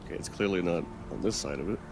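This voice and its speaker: A man's voice: deep voice, fast talker, over music. A man giving loose, rambling let's-play commentary while he plays, thinking aloud and swearing now and then. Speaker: gaming channel host.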